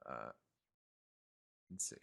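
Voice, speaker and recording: A man's voice: drawn-out words, bright, forceful tone. A man hosting a podcast, chatting casually and reading listener mail with many fillers and restarts.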